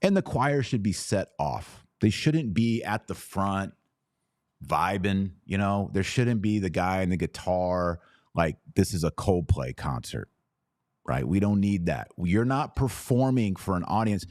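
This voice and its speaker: A man with a very low, deep voice hosts a podcast in a dry, close-sounding room. He talks in an earnest, personal way and leans hard on points he cares about. He sounds like a man in his forties. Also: expressive, a little slow, a little mellow, dry recording. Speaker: podcast host. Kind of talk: casual commentary podcast.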